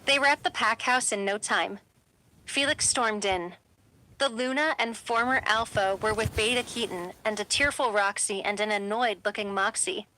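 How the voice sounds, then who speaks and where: A woman narrating an audiobook in a steady, even storytelling manner. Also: medium pitch, normal speed, low-quality recording.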